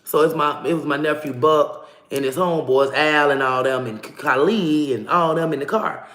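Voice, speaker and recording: A woman telling a personal story to camera in a casual, animated way, swearing freely and acting out what people said. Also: low-pitched, normal speed, reverberant. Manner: animated, profane, acts out dialogue.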